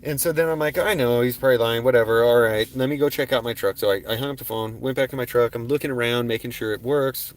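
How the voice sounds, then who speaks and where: Male livestream host, casual storyteller, swears freely, mid-pitched, voices the other people in his story. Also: fast, few pauses. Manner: profane, animated, acts out quoted exchanges loudly.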